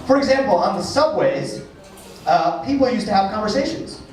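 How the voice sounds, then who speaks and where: Animated New stand-up comic. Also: male voice, sits high. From New York. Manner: animated, acts out characters with quick shifts of voice. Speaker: stand-up comedian. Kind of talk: stand-up comedy set. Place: comedy club stage with live audience. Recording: echoey live club recording from a distance, crowd audible.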